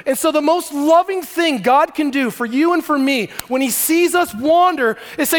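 A male pastor in his thirties delivers a sermon with an animated, joking storyteller's manner. His voice sits high for a man. A long reverb trails every phrase, as if he is speaking in a large hall before a congregation. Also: normal speed, few pauses.

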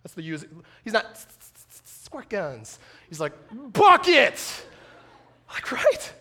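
A man preaching a sermon, animated and conversational, acting out little dialogues and swinging from joking asides to loud, impassioned appeals. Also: on the high side, moderate pace. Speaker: pastor.

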